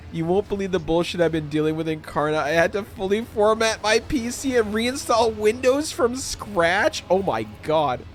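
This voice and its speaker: A male streamer talks in an unhurried drawl, excitable and quick to dissolve into laughter. He reads story text aloud with theatrical flair. Soft music plays faintly under his voice. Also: high voice. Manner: excitable, breaks into laughter, theatrical when reading. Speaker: live streamer. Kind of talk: casual live-stream chat and dramatic reading. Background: faint background music.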